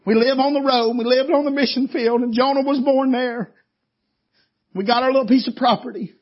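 High husky preacher. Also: male voice, steady tone, fairly quick, dull audio. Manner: folksy, down-home, calls for audience response. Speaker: traveling preacher. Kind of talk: sermon storytelling. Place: camp meeting service.

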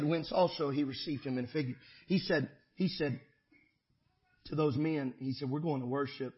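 A man preaching a sermon as pastor, shifting between shouted climaxes and quiet conversational asides. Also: fairly high pitch, moderate pace, muffled recording.

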